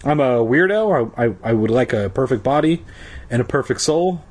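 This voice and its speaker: Soft creepy boy caller, read by a man. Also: medium pitch, animated, moderate pace, slightly rough. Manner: soft, hesitant.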